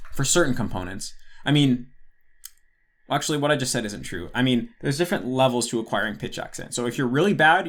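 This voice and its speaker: A young man hosts a casual Q&A monologue, answering patron questions in a rambling way, often correcting himself and saying "like" a lot. His voice is medium-pitched and a bit bright.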